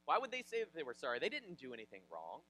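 A male pastor from Ohio delivers a sermon in an animated, conversational style. His voice sits high and swings widely in pitch. The tone is bright and forceful as he tells personal stories. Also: fast, a little hiss or hum, low-quality recording. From Ohio, USA.

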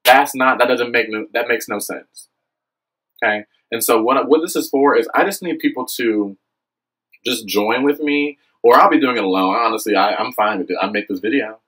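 A young man vlogging an impassioned monologue to camera, earnest and preachy, often asking "okay?" and "you know what I mean?", his voice jumping higher when he gets fired up. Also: normal speed, rough recording. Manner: animated, swings high when excited.

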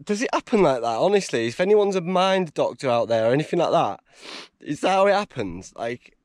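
An English man vlogging from a high mountain trail, rambling and emotional, breaking into laughter. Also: big pitch swings, a little fast, no room sound, clean studio sound. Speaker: hiker vlogger. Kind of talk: casual vlog talk.

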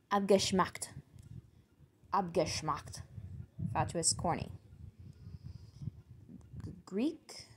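A woman with a low, gravelly voice works slowly through lists of foreign words and their meanings. She mutters and thinks aloud as she sounds each word out. A faint hiss sits under the recording. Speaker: word channel host. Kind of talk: solo vocabulary reading.

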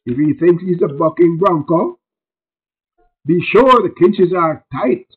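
A man voicing a wily black-robed frontier priest, sermonizing in a slow drawl. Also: high-pitched, animated, voice pushed down. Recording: dull lo-fi recording with faint music.

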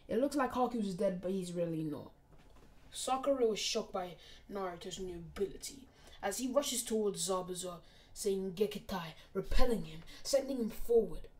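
A woman's voice: medium pitch, darkish tone. Woman narrating a fan story. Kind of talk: reading a fan fiction story.

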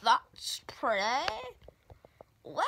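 A woman's voice: extremely slow, bright, forceful tone, slight background noise. A young woman chatting casually to her phone camera in a vlog, playful and chatty. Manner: chatty and playful, tired at times. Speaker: vlogger.

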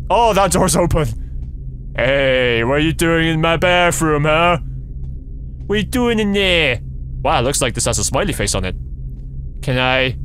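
A young man comments on a horror game as he plays it, mocking the game and cursing freely. His voice sits high and swings widely in pitch. He breaks into nervous laughs and jumpy yelps. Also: a bit bright, slight background noise. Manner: sarcastic, swearing, talking to the game. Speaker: gaming streamer.

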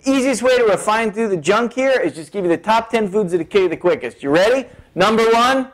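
A man with a high voice talks to the camera about health. He works as a chiropractor and speaks in an energetic, joking way. He leans hard on his key points. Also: brisk, hardly any pauses, low-quality recording. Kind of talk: casual health talk to camera.

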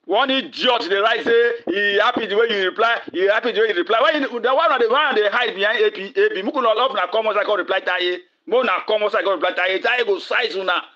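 A man's voice: high-pitched, fast talker, hardly any pauses, pushed and bright, lo-fi sound. A man from Nigeria with a Nigerian Pidgin accent, delivering an angry, confrontational video rant full of taunts and curses. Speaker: online commentator.

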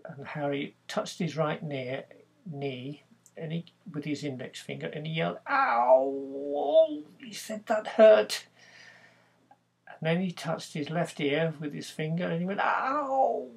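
Gravelly man telling a joke casually. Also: on the high side, fairly even intonation, normal speed. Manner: chatty, casual storytelling with fillers. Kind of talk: spoken joke narration.

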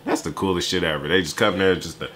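A man's voice: sits low, fairly even intonation, fast talker, a bit bright, a little hiss or hum. A young man hosting a reaction video, giving casual, profane, joking play-by-play commentary. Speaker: YouTube reaction host.

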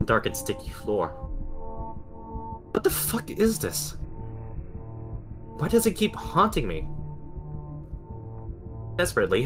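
Guy reading a creepy horror story, lowish voice, music under it. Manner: dramatic, acting out fear and desperation.

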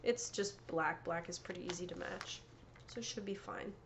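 A woman's voice: on the low side, normal speed, vocal fry, noisy background. A woman hosting a knitting podcast, chatting casually and showing off her yarn and prizes, often correcting herself and laughing. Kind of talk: casual show-and-tell chat.

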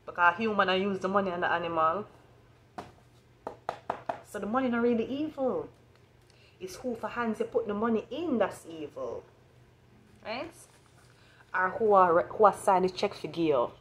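A woman's voice: medium pitch, animated, moderate pace, pauses often, fairly bright tone, slight background noise. A woman with a Jamaican accent giving an astrology reading as a blunt, profane rant. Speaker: astrology reader.

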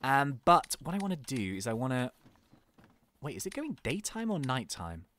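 A man giving excitable, chatty commentary while playing a video game, often laughing and exclaiming. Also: medium pitch, normal speed, slight background noise. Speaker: gaming video host. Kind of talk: casual let's-play commentary.

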